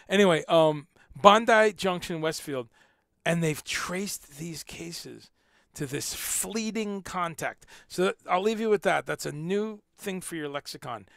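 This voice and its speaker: Rambling gravelly-voiced man. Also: high voice, a little slow, a bit bright, dry recording, studio quality. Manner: rambling, repeats words, swears. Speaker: livestream host. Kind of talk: casual livestream commentary.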